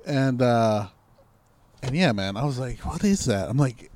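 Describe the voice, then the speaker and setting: A man's voice: mid-range voice, animated, measured pace, a little mellow, a little hiss or hum. A young man co-hosting a casual chat, ranting and mocking with plenty of profanity. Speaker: podcast co-host.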